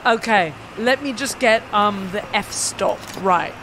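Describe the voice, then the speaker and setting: A woman's voice: medium pitch, takes it slowly, background noise, close to an everyday voice. A woman playing an eager young British man photographer in a comedy sketch, with a put-on British accent and an overly familiar manner.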